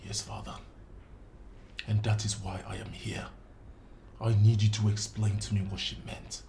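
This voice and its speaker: Agitated Nigerian elder son. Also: male voice, on the low side, level tone, measured pace, noisy background. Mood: pleading. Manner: agitated, repeating words. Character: hot-tempered young prince, elder brother. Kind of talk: film acting.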